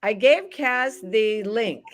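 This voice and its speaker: A woman's voice: a little high, takes it slowly, poor audio. A woman hosting a livestream interview, greeting guests affectionately and calling them honey. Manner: warm, calls guests "honey", gets teary. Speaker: host.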